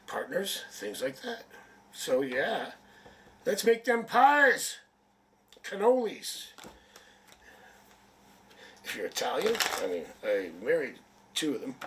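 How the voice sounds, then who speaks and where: A man's voice: medium pitch, distant mic, a little hiss or hum. A man from Canada reading tarot on a live stream, chatty and rambling, with jokes, a sniffle and a headache. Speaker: tarot reader.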